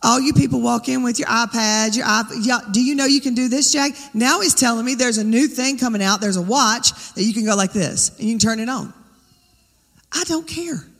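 A woman's voice: on the high side, moderate pace, fairly bright tone, in a large hall. A woman preaching a sermon, talking conversationally and firing rhetorical questions at the congregation. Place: church sanctuary.

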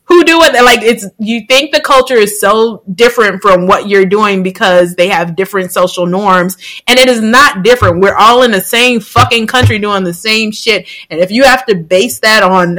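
A woman's voice: mid-range voice, normal speed, few pauses, a bit bright, low-quality recording. A woman co-hosting a podcast in casual chat, frank and blunt, and she swears freely. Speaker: podcast co-host.

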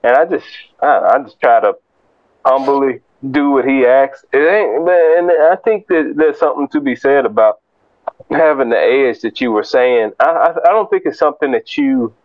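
A man's voice: medium pitch, animated, normal speed, no room sound, highs cut off. A young man in a casual faith chat, laid-back and jokey, acting out little scenes. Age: young adult. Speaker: podcast co-host.

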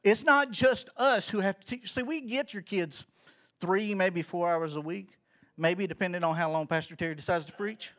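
Speaking at a moderate pace in a voice that sits high, this middle-aged man preaches with energy as a children's ministry pastor. His church talk climbs into emphatic shouts.

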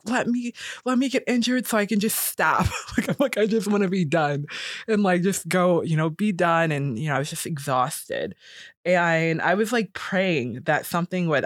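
A woman in her thirties telling a personal story in casual talk, jumping up in pitch when she quotes people. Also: no echo, clean studio sound. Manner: animated, acts out quoted voices higher.

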